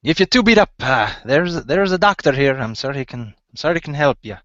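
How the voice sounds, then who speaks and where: A man's voice: medium pitch, animated, a little fast, fairly bright tone, dry recording, close to an everyday voice. A man voicing a friendly dwarf who calls people laddie, with a folksy manner. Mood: concerned. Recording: dry, dull lo-fi mic.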